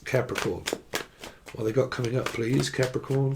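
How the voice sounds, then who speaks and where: Gravelly man reading tarot. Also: medium pitch, steady tone, normal speed, noisy background. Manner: playful, crude, jumps into silly put-on voices and bits. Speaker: tarot reader. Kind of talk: rambling, joking tarot reading.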